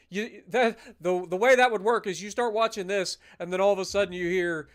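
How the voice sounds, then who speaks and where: A man giving casual, animated live commentary as he plays a strategy game, ranting now and then in mock outrage. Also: high-pitched, brisk, hardly any pauses. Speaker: gaming streamer.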